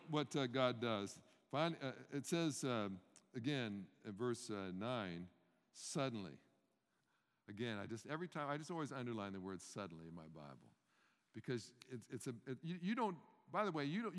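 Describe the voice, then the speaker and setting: Guy preaching a sermon, chatty, lots of restarts and questions to the crowd, big hall reverb. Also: mid-range voice. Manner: conversational, restarts, rhetorical questions to the congregation.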